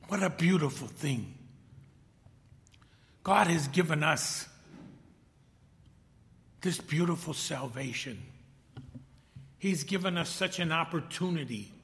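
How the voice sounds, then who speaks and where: A man delivers a slow, deliberate sermon in a somewhat high voice, reading scripture aloud. He builds to loud emphatic peaks, then drops to a near whisper. His voice rings out with a long reverb from a large hall. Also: animated. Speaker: preacher.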